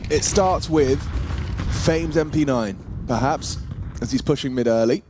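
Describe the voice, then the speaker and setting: A man calling esports play-by-play in an excitable, playful way. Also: medium pitch, a little slow, background noise. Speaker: esports caster. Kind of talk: play-by-play commentary. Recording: gunfire and game sounds behind.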